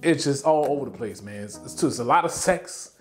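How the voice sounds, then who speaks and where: A man talking casually and excitedly as he reviews a TV show, full of slang and swearing. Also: medium pitch, a little fast, faint music behind.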